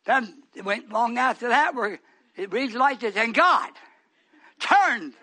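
High bright-voiced preacher man, scolding the crowd, swings from yelling to hushed. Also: animated, slow pace. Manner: scolding, shouts then drops to hushed tones. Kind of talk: fiery sermon.

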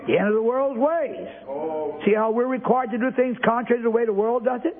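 High-voiced preacher on a tinny recording. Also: male voice, normal speed. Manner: emphatic, repeats words, fires rhetorical questions at the congregation. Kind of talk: sermon. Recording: tinny lo-fi, phone-like sound.

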